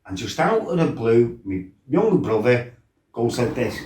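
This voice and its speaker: A middle-aged man tells his life story as a former fighter, bluntly and with lots of swearing, acting out his own shouts. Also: mid-range voice, big pitch swings, a little slow, a little hiss or hum. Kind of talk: casual storytelling interview. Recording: roomy, mic set some distance off.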